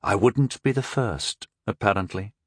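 A man's voice: fairly low pitch, unhurried, slightly rough, no room sound, clean studio sound. A man voicing a stern young male knight mage who barks brusque military commands. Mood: gruff.

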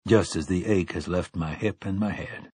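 A man doing a hoarse, grave old gunslinger. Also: fairly even intonation, normal speed, no echo. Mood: hushed, grave. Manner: low, quiet, archaic speech. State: hoarse and trembling. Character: weary aging male gunslinger, grave and laconic.

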